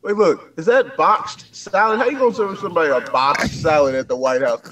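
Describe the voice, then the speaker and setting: A man with a fairly high voice as co-host in a casual chat. He talks in a wry, blunt way and swears freely. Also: brisk, fairly bright tone.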